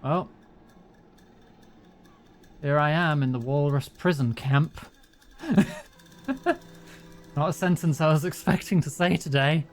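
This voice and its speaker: A man's voice: fairly high pitch, steady tone, takes it slowly, pauses often. A man casually streaming a game, reading its dialogue aloud and adding wry, joking asides.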